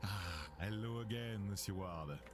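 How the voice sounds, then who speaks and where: A man voicing a suave middle-aged French gentleman in a put-on French accent, low and courteous, while reading game dialogue aloud. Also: unhurried, music in the background.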